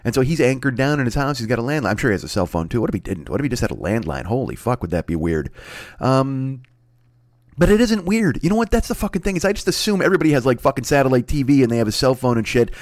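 A man's voice: mid-range voice, big pitch swings, fast talker, no room sound, studio quality. A man in his forties hosting a solo podcast from his apartment, rambling and swearing as he talks straight to his listeners. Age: 40s. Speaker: podcast host. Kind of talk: solo comedic rant. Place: apartment room, alone.

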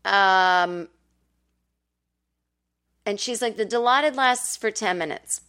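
A woman's voice: slow, fairly bright tone, clear, resonant tone. A candid woman talking casually on her podcast from home. She chats loosely and swears now and then, with a mid-range voice. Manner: candid, chatty, swears freely, acts out quotes in a high whiny voice. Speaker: podcast host. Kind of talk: casual storytelling monologue. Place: temporary home in Brooklyn.

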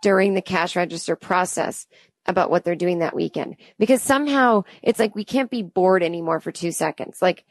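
A woman's voice: fairly low pitch, a little fast, dry recording. A woman in her thirties tells a comedic story and slips into the voices of everyone in it. Her asides are chatty. The mic is close and dry, with no room sound. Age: 30s. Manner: acts out both sides of the dialogue with chatty asides.

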